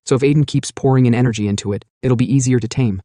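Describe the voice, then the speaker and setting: A man narrates a comic story recap at a brisk clip, his voice mellow and dark. He keeps a steady storytelling manner, close to the mic in a dry, dead room. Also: medium pitch, no room sound. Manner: steady storytelling, quoting lines in same voice.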